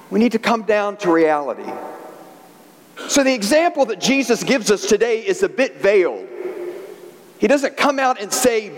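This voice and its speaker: A male priest preaches a Sunday homily in a bright, high-pitched voice that swoops and rises with each point. He leans on stories and repeats phrases for emphasis. A long church reverb hangs behind him. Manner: storytelling, emphatic repetition.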